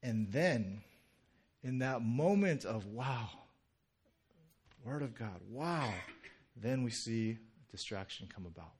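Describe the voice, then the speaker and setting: Casual male pastor, mid-pitched and conversational, lots of "like" and restarts in his delivery. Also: a little slow, husky. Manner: conversational, animated, with many fillers and restarts. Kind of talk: sermon.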